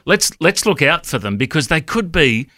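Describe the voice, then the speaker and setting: A man's voice: fairly high pitch, big pitch swings, normal speed, sharp tone, no room sound, clean studio sound. A man, a church leader, chatting as a radio guest and telling stories animatedly. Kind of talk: casual radio chat.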